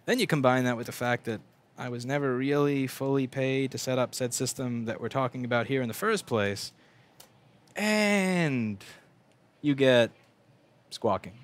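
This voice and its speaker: Speaking a little slowly in a mid-range voice, the livestream host sits at his repair shop bench and rambles casually. He talks bluntly, swears often, and fills his speech with fillers and restarts.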